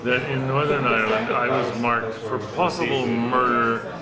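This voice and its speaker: A man holds forth over dinner in a blunt, argumentative way. His voice sits in an ordinary middle register. A loud crowd of diners fills the background. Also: mid-range voice, steady tone, moderate pace. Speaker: dinner guest in conversation. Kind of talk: casual dinner conversation. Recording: noisy restaurant crowd behind.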